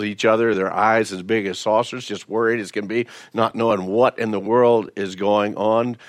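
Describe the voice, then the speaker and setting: A man's voice: on the low side, dry recording, clean studio sound. A male pastor preaching a sermon in a folksy, conversational way, telling stories and often repeating words as he goes. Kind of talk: storytelling sermon.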